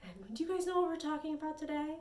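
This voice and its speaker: A woman's voice: high voice, lively intonation, fast, a little mellow, roomy sound. A woman leading a children's story time as librarian, with a bubbly, sing-song, playful way of talking. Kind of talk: virtual story time for kids.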